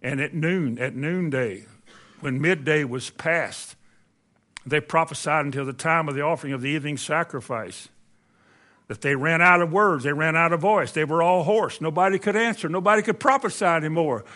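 High, bright-voiced man preaching. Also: normal speed. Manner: animated storytelling, acting out quotes in a raised voice. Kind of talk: sermon.

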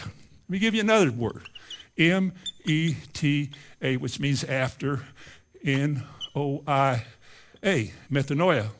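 A pastor preaching a sermon, moving from low, quiet asides to loud, impassioned appeals and spelling out Greek words letter by letter. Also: male voice.

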